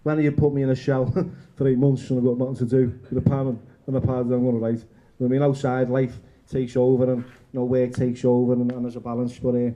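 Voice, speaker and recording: A male author reading his memoir aloud at a bookshop event, halting and correcting himself as he goes. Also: medium pitch, flat delivery, dark tone, dull audio. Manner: halting, restarts and self-corrections.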